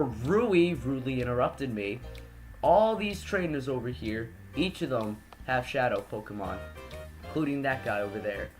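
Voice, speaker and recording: Rambling joking let's play guy. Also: mid-range voice. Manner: joking, rambling, self-correcting. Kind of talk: gameplay commentary.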